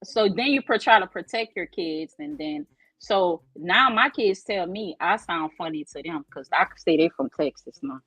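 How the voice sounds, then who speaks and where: A woman's voice: lowish voice, lively intonation, normal speed, fairly bright tone, breathy edge, no echo. A woman guest from New Orleans with a New Orleans accent, telling stories in a casual chat and laughing often. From New Orleans, USA. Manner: conversational storytelling, laughs often.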